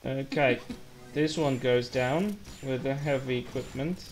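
Casual gamer guy talking over his stream, jokey and self-mocking, mid-pitch voice. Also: measured pace, soft background music. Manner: chatty, joking, self-deprecating. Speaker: gaming livestreamer. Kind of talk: casual live gameplay commentary.

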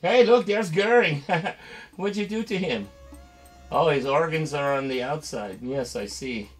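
A man's voice: fairly high pitch, lively intonation, unhurried, slightly rough, faint music behind. Nervous stammering man in a comedy skit. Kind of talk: comedy skit, one-sided conversation.

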